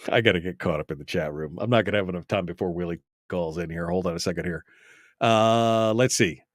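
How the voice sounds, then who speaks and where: Animated laughing male talk host. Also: low voice, fast talker, dry recording, clean studio sound. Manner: animated, laughs often, exasperated asides. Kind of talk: casual radio talk.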